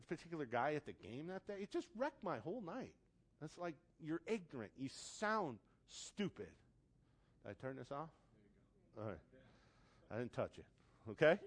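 A man preaching a sermon in a conversational, storytelling way, acting out quotes and rising to loud emphasis. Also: a little high. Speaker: pastor.

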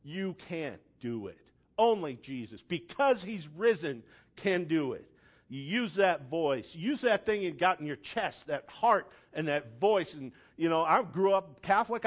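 A man preaching a sermon as pastor, building from quiet reading to loud shouted declarations. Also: a little high.

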